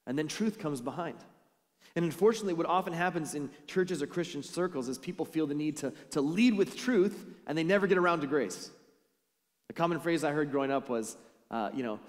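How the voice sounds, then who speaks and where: A man's voice: fairly high pitch, animated, brisk. A pastor giving a conversational sermon to his congregation, telling stories along the way. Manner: storytelling, conversational preaching. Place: church sanctuary. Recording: church hall with long reverb.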